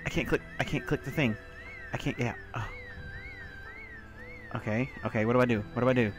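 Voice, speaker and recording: A young man giving let's play commentary, talking to himself and breaking into panicked shouts, over faint game music. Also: medium pitch, a little fast. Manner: jumpy, talks to himself, bursts into panicked shouts. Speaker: gaming video creator.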